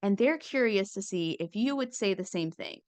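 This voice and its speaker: Comedian-type woman, casual wry talk, mid-pitched voice, dry recording. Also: expressive, no room sound. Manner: conversational and wry, slipping into quick impressions. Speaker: comedian and speaking coach. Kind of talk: casual talk with acted-out quotes.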